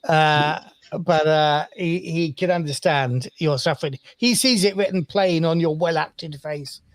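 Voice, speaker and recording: A man running a tabletop role-playing game as game master, relaxed and rambling with many fillers. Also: a little high, measured pace, no echo.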